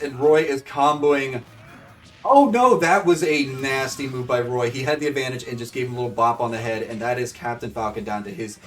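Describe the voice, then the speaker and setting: A man calls fighting game matches in a loose, rambling play-by-play, full of fillers and sudden excited shouts. His voice sits at a middling pitch and sounds a little away from the microphone, with faint music underneath. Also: distant mic. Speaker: streamer commentating AI fight bracket. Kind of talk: casual play-by-play commentary.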